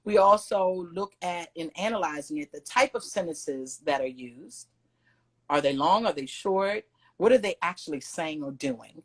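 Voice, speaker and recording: A woman's voice: fairly low pitch, normal speed. A female middle school teacher guiding her class, encouraging and giving instructions. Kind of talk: classroom lesson.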